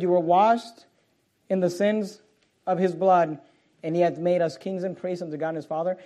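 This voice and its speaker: A man's voice: on the high side, warm tone. A man preaching a sermon to a church congregation, reading scripture aloud with mounting force. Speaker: pastor. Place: church auditorium.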